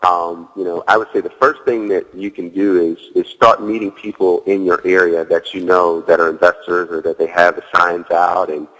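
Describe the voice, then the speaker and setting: A man's voice: low voice, little pitch movement, moderate pace, few pauses, a bit bright, in a large hall, poor audio. A man as a guest in an interview, telling a story casually, leaning on "you know" and acting out his own dialogue. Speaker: guest, real estate wholesaler.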